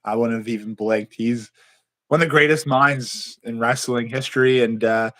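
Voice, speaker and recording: A man's voice: mid-range voice, fairly even intonation, moderate pace, fairly bright tone, dry recording. A young man co-hosting a podcast in casual chat, blunt and swearing freely. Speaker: podcast co-host.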